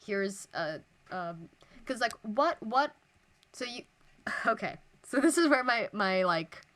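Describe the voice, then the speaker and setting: A woman's voice: fairly high pitch, lively intonation, slow, a bit bright. A woman co-hosting a tabletop gaming podcast, chatting casually and eagerly about building a fantasy setting, with plenty of fillers. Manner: enthusiastic, self-described nerdy, many fillers. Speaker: podcast co-host. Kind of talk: casual worldbuilding chat.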